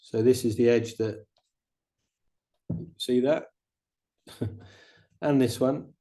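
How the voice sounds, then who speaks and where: A middle-aged man teaching watercolor painting, chatting in a relaxed way and explaining each step as he paints. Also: medium pitch, slow. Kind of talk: painting demonstration.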